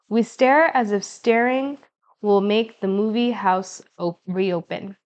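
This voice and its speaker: A woman narrating an audiobook in the first person, with measured, expressive storytelling. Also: medium pitch, clear, resonant tone, lo-fi sound.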